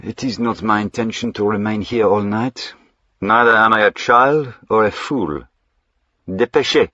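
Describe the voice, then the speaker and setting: A man voicing a suave gentleman highwayman with a French accent, polite, ironic and commanding, in an audiobook reading. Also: measured pace, dry recording, muffled recording. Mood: impatient.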